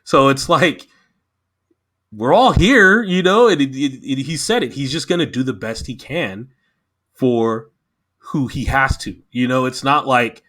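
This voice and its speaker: Reviewing a show as a podcast guest, a man talks in a mid-range voice at a slightly slow pace. The chat is casual, but he grows emotional, sounding impassioned and animated.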